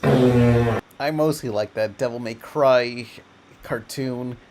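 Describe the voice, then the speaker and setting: A man's voice: medium pitch, takes it slowly, a little mellow, faint music behind. A man in a casual group chat who rambles through offhand remarks and half-finished thoughts. He keeps his asides loose and noncommittal.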